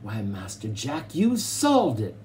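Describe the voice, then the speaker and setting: A proper butler speaks with careful courtesy, as a man reads him. The tone is mellow and measured, each phrase placed with polish. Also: on the low side, wildly swooping pitch, a little hiss or hum, exaggerated voice. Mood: formal. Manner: polite, precise. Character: formal, clever male butler.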